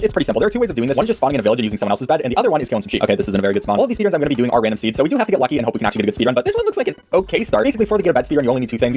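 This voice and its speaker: Fast-talking young gamer man, lively. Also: medium pitch. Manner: upbeat, self-mocking, quick asides. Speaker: gaming youtuber. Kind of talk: casual gameplay commentary.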